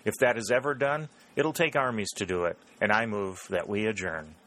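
A man's voice: lowish voice, moderate pace, fairly bright tone, close to an everyday voice. A man reading as a blunt folksy mountaineer general. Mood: impatient. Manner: folksy, dropped g's, emphatic.

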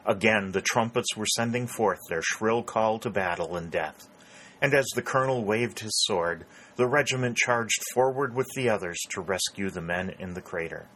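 An audiobook narrator reads a novel aloud in a steady, measured way. His voice is fairly low in pitch and the delivery is scripted.

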